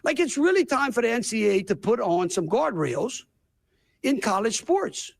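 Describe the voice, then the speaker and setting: Man, Louisiana accent, governor, press conference, folksy, rambling, very animated pitch. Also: moderate pace, vocal fry. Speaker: state governor.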